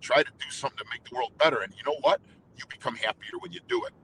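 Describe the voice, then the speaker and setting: This anthem singer's medium-pitched voice swoops wildly and sharply as he talks very fast, recounting his story as an interview guest with raw emotion, constant restarts, and quoted inner dialogue. The rough recording has a little hiss or hum.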